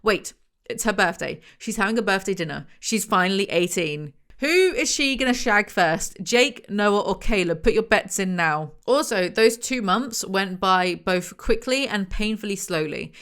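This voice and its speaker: A woman's voice: mid-range voice, moderate pace, a bit bright. A woman reviewing a book with dry, sarcastic humor.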